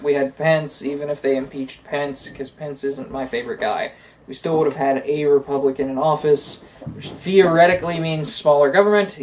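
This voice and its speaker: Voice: medium pitch, darkish tone, slight background noise, rough recording. Opinionated talk-show co-host, casual. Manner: opinionated, talks in long runs with fillers. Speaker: podcast co-host. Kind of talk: casual political chat.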